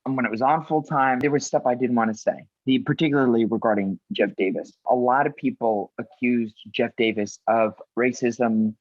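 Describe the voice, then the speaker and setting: A middle-aged actress guests on a podcast, telling stories in an animated, rambling way and acting out voices. Her recording is dull and lo-fi. The sound is dry, with no room echo. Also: rumbling low. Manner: animated, rambling storyteller who acts out voices. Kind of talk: podcast interview.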